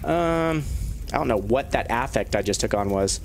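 A man giving casual, chatty commentary on his gameplay. He talks straight to the game's units and jumps up in pitch when he gets excited. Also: a little fast, creaky, a little hiss or hum. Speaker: let's play gamer.

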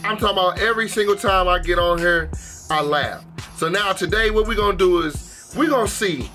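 A man's voice: sits high, brisk, bright, forceful tone, faint music behind. A young man hosting a reaction video, talking in a hyped, slangy, casual way and repeating himself.

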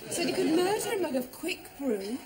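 An actress playing a naive, well-meaning housewife who hesitates with um and well, in a sitcom. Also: female voice, extremely high pitch, big pitch swings, normal speed, crowd noise, low-quality recording. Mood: hesitant. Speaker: neighbour's wife. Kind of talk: sitcom acting.

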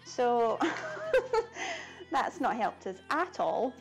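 Chatty Scottish woman, slightly high voice. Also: huge pitch swings, extremely slow, soft background music. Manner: chatty, laughs often, answers viewers' comments. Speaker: cooking streamer. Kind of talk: casual live-stream chat while cooking. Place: home kitchen.

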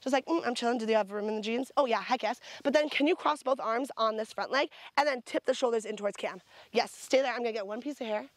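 A woman's voice: on the high side, quick pace, no room sound. A woman directing a photo shoot, bubbly and gushing with enthusiastic praise as she calls out poses. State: sucking on a throat lozenge.

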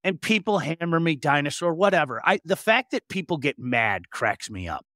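A middle-aged man co-hosting a sports talk show, in animated, joking casual chat with frequent restarts. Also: on the high side, moderate pace, no room sound, clean studio sound.

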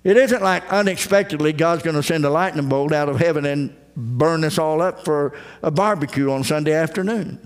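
A man's voice: on the high side, brisk, few pauses, long reverb tail. A man preaching a folksy sermon as pastor, acting out the voices he quotes. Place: church sanctuary.

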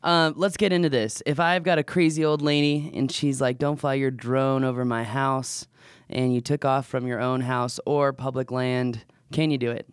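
A man's voice: mid-range voice, fairly even intonation, normal speed, hardly any pauses, clear, resonant tone, no echo, clean studio sound. Male podcast co-host, clean resonant tone, rambling casual delivery. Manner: rambling, trails off with fillers.

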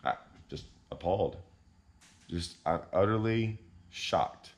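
A man hosting a fishing channel, ranting in deadpan, mock-outraged irony and repeating himself. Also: low-pitched, slow pace. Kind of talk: sarcastic vlog rant.

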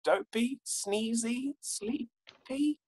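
A man's voice: extremely high pitch, drawn-out words, husky, rough recording. A young man, an actor, chatting as an interview guest and telling funny stories with frequent laughter. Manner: animated storyteller, laughs often. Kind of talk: casual interview chat.

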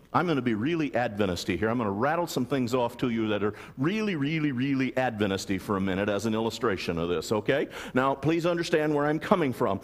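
Pastor, male, mid-pitched, preaching in a reverberant church hall, checking in with the congregation often. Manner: asks the congregation frequent rhetorical questions. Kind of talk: sermon. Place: large church sanctuary.

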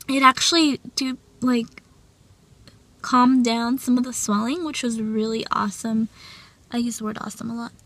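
A woman's voice: sits high, no echo. A young woman chatting casually in a vlog, bubbly and full of filler words, stuffy from allergies. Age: young adult. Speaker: vlogger. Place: car and home, phone vlogging.

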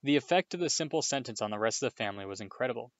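A man reading a chapter book aloud to a listener, relaxed with informal asides. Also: mid-range voice, very fast, no echo, muffled recording. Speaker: reader.

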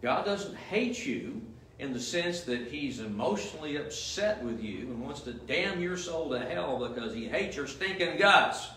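This pastor's mid-range voice has lively intonation and a moderate pace with hardly any pauses as he preaches an emphatic, repetitive sermon heavy with rhetorical questions. The church recording carries a little hiss or hum, room echo, and a distant mic.

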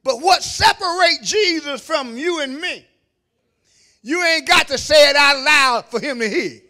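A man preaching a sermon as pastor, shouting at the peaks and dropping into low asides to the congregation, calling on them to answer. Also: animated, a little slow. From Kentucky, USA. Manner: call-and-response preaching, calls on the congregation. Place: church sanctuary.

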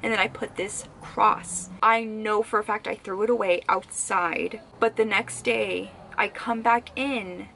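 A young woman vlogger casually telling stories to the camera, animated and swearing freely. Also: mid-range voice, measured pace, vocal fry, hardly any pauses, slight background noise. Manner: animated, swears freely while recounting scary events.

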